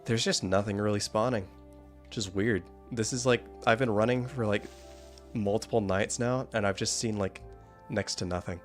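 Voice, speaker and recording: A man's voice: lowish voice, fairly even intonation, moderate pace, faint music behind. A man giving casual, wry gameplay commentary, rambling and often laughing. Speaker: gaming YouTuber.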